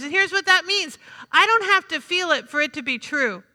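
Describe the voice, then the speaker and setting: A woman's voice: extremely high pitch, animated, normal speed, pushed and bright. A woman preaching a sermon in a chatty, humorous way, calling out to the congregation for responses. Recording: reverberant hall.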